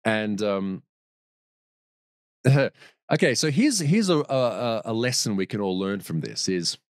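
A man's voice: on the low side, very animated, a little slow, no echo, clean studio sound. A man as a podcast guest, telling a long story in a rambling way, with restarts and laughs. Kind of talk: casual storytelling.

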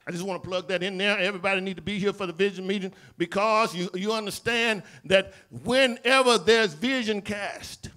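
In a church sanctuary, a Southern-accented male pastor delivers a sermon fairly quickly with hardly any pauses. He acts out the dialogue of biblical scenes, swinging between loud cries and low murmurs.

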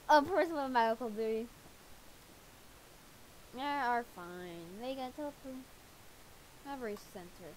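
A woman giving casual, jokey gameplay commentary with excitable reactions. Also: on the high side, moderate pace, pauses often, rough recording. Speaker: gamer.

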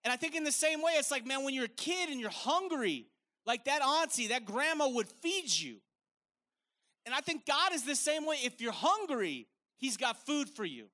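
Preaching at a normal speed, an evangelist keeps his energy high from start to finish, his voice strikingly high and forceful. He is very animated, speaks in a loose, conversational style, and leans on repeated phrases to drive points home.

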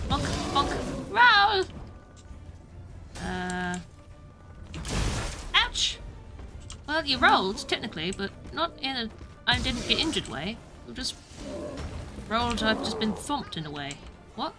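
A woman's voice: fairly high pitch, sing-song, a little slow, long pauses, music in the background. A British woman streaming a video game, chatting playfully with viewers and cheering herself on through fights. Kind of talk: casual gameplay commentary.

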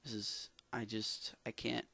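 A man's voice: on the low side, level tone, measured pace, creaky, pushed and bright. A man playing a game with a friend, complaining and sounding exasperated. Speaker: gamer. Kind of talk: gaming commentary with a friend.

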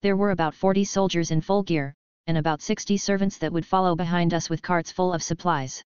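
A woman narrating a novel in a steady, even storytelling voice, in a dry, dull lo-fi recording. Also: fairly low pitch, a little fast, smooth, no echo. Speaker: audiobook narrator.

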